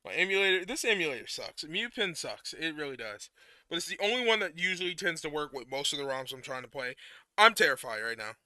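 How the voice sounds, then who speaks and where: A young man streaming a retro game, chatting casually with his viewers, excitable and prone to repeating himself when nervous. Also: on the high side, fast talker, no echo. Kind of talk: casual live-stream chat.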